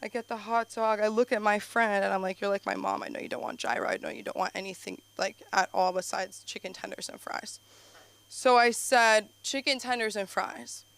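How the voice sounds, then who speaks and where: A young adult woman doing an open-mic stand-up set on a comedy club stage. She tells stories in a rambling, animated way, full of "like", and jumps her voice up for punchlines. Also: medium pitch, fairly quick, creaky, clear, resonant tone. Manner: rambling, filler-heavy storytelling with frequent "like".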